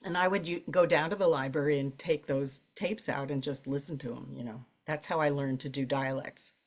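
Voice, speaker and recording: An older woman who narrates audiobooks, telling her stories in a relaxed conversational way, laughing often and jumping high in pitch for emphasis. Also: brisk. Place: library event, interview setting.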